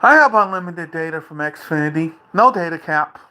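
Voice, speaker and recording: A man's voice: a little high, expressive, normal speed, pushed and bright, a little hiss or hum. Furious man ranting at the camera. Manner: heated, profane, taunting, repeats phrases. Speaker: vlogger. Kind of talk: angry rant to camera. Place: dark room at home.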